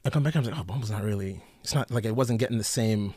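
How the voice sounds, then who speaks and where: A man's voice: on the low side, rapid-fire, darkish tone, breathy edge, no room sound, clean studio sound. A man co-hosting a casual podcast, rambling with many restarts and laughing often. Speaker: podcast co-host.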